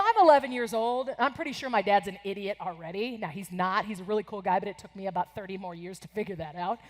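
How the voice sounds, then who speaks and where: An American woman in her forties giving an energetic, animated motivational keynote to students in a large conference hall. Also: medium pitch, fast talker, hardly any pauses. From United States. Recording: echoing convention hall.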